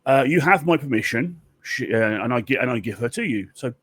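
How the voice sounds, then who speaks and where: A man's voice: mid-range voice, animated, a little fast, a bit bright, breathy edge, no echo. Careless, breezy king of the gods, put on by a man telling a story, offhand.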